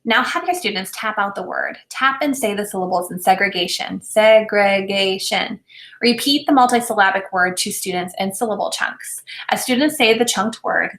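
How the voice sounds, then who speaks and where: A woman presenting a recorded teacher training lesson, speaking in a clear, deliberate, instructional way. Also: mid-range voice, sharp tone, roomy sound. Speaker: literacy presenter.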